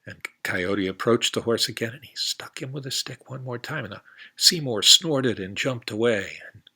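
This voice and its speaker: A man telling a folk tale for a library storytime in a folksy, relaxed way. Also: medium pitch, moderate pace, slightly rough. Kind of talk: storytime narration.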